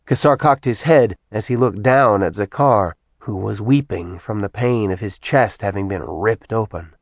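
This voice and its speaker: A man reading a novel aloud in measured, even scripted narration. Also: fairly low pitch, no room sound. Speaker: audiobook narrator.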